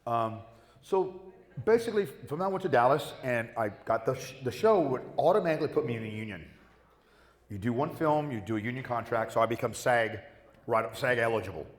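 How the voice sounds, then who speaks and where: A man's voice: medium pitch, brisk. A man on a convention panel telling profane anecdotes and acting out the people in them. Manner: animated, acts out the people in his stories. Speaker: guest actor on a convention panel. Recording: echoey convention hall.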